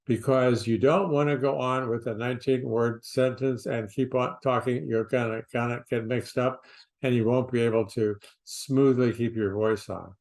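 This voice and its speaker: A middle-aged man teaches as a speech coach, talking straight to the listener. He speaks very slowly and deliberately, in short planned phrases with pauses between them, at a medium pitch. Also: a little mellow. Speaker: stuttering specialist and coach. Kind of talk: direct-to-camera speech therapy lesson.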